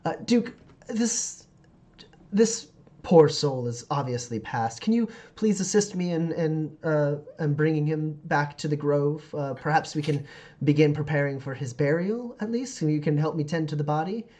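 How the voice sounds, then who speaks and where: A man doing a gentle woman priest. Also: fairly high pitch, normal speed, voice pushed up, close to an everyday voice.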